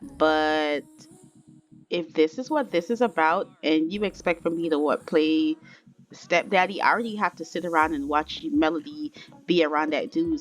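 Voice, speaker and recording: A woman putting on a jealous, irritated young man in a life sim game story. He speaks blunt and insistent, in a voice pushed a bit lower than hers, and he repeats himself when his anger rises. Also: lightly acted.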